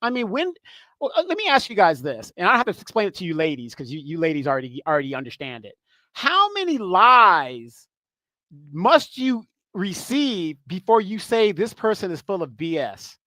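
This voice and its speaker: A man's voice: on the high side, sing-song, fast, a bit bright, dry recording. A middle-aged man talking in an emphatic, rhetorical way in a casual live discussion, stammering when worked up. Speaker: show host.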